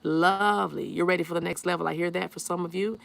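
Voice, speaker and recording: A woman's voice: fairly low pitch, steady tone, quick pace, vocal fry. A woman giving a live tarot reading, talking straight to her viewers and repeating reassuring affirmations. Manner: addresses viewers directly, reads chat aloud. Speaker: tarot reader.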